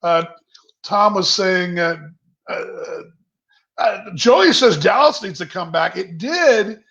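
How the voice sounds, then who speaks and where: The speaker is a chatty man hosting a virtual happy hour from his home kitchen, wandering from topic to topic and reading viewers' comments aloud. His high, fairly bright voice moves slowly with lively intonation, and the video call sound is dull and lo-fi.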